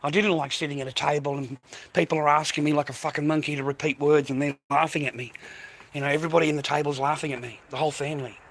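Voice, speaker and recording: A man's voice: a little high, steady tone, fast talker, a bit bright. A middle-aged man giving coarse, swearing, emphatic advice to other men in a blunt monologue.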